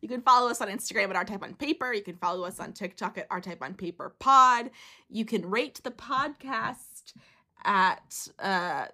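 A woman's voice: medium pitch, moderate pace, pushed and bright. A young woman co-hosting a podcast, chatting in a casual, upbeat way with lots of fillers. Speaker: podcast co-host. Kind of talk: casual chat.

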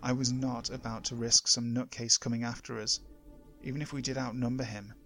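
A man reading first-person horror stories aloud in a measured, steady voice that drops low for suspense. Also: faint music behind. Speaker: horror story narrator. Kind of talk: scripted horror narration.

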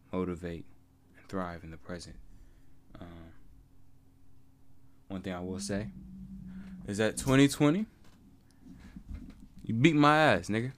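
A man's voice: sits low, level tone, unhurried, pauses often, slight background noise. A young man hosting a solo podcast, telling stories in laid-back, slang-heavy casual chat and laughing often. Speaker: podcast host.

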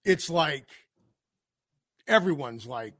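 A man with a notably high voice co-hosting a loose comedy chat show. He answers in dry, wry asides and sly riffs. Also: expressive, slow, fairly bright tone. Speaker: podcast co-host.

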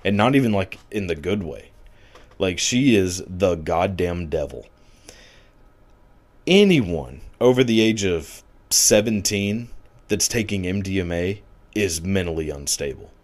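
Crude ranting man, very low voice. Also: lively intonation, a little slow. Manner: crude, sarcastic, heavy use of filler "like". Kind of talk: profane comedic rant.

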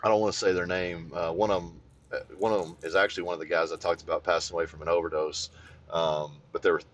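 Deep-voiced man telling a wild story. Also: quick pace. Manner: animated, swears freely, voice jumps high when excited. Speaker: podcast co-host. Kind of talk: casual storytelling chat.

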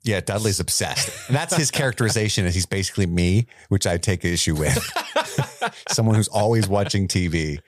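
A man's voice: sits low, animated, brisk. An American man co-hosting a podcast, chatting casually about a movie and jokingly acting out lines from its scenes. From United States. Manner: jokey, acts out quotes from scenes. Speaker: podcast co-host. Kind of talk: casual movie review chat.

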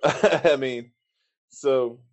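A man's voice: medium pitch, extremely slow. A man hosts a podcast, spinning a long, loose story in casual chat. He swears freely and keeps stopping to restart his sentences. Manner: profane, rambling storyteller. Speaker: podcast host.

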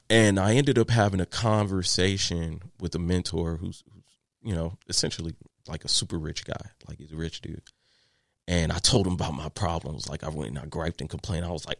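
Man, very low gravelly voice, casual storyteller, dry close sound. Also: brisk, no room sound. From Texas. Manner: animated, repeats words and fillers while telling a story. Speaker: guest, landscaping business owner.

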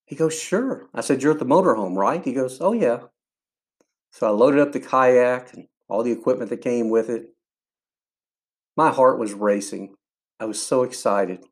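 An earnest man tells a personal faith story on his podcast. His voice sits in a middle register, and he livens up when he acts out what others said. He sounds like an older man speaking from home. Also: medium pitch. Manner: earnest, animated storyteller acting out quotes. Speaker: podcast host.

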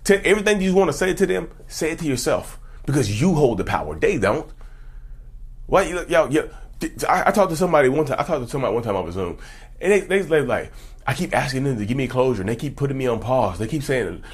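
A man with a husky voice that swoops up and down as he talks. He lectures his viewers in an emphatic, preachy way and keeps throwing rhetorical questions at them. It is casual, direct-to-camera advice talk. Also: medium pitch, big pitch swings, quick pace. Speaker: self-help YouTuber.

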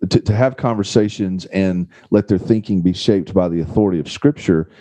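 A man co-hosting a podcast, speaking earnestly with halting restarts. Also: low-pitched, mellow, no room sound. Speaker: podcast co-host. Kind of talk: casual podcast discussion.

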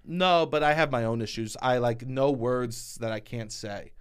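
A man from Staten Island co-hosting a casual chat, teasing and animated with bursts of laughter. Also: medium pitch, moderate pace, clear, resonant tone. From Staten Island, New York. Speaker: podcast co-host.

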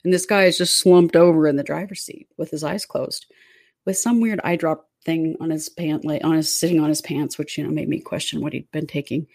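Low, gravelly-voiced woman co-host. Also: fairly even intonation, brisk, darkish tone, no echo, clean studio sound. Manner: chimes in with details and acted quotes. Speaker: true crime podcast co-host. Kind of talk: casual storytelling chat.

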